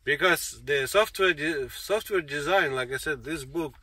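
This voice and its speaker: Insistent man with a sharp, bright voice. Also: on the high side, measured pace, slightly rough. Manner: insistent, repetitive, circling back over points. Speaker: speaker giving a monologue. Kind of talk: rambling monologue. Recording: distant mic with faint noise.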